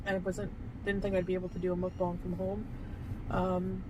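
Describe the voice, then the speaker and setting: A woman's voice: lowish voice, completely flat delivery, normal speed, highs cut off, background noise. Rambling woman vlogging in a car. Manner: rambling, with many fillers and little laughs. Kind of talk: casual vlog chat. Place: in a parked car.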